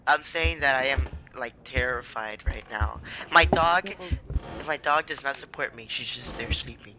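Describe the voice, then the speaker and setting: A man playing a horror game, joking around and shouting in mock panic as he commentates. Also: mid-range voice, unhurried, a little hiss or hum. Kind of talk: let's play commentary.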